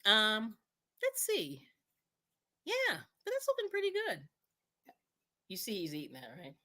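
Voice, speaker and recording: A woman's voice: medium pitch, wildly swooping pitch, measured pace, pushed and bright. A woman hosting a casual live cooking stream, chatting as she works, laughing often and restarting her sentences. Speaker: cooking show host.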